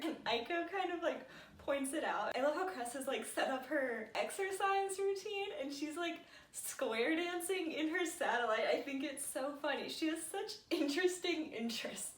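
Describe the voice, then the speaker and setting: A woman with a high, bright-pitched voice gushes through a casual chat about a book, peppering her sentences with fillers. She sits a bit back from the mic in an echoey room at home. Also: recorded from a distance. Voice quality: bubbly, gushing, frequent "like". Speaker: book reviewer.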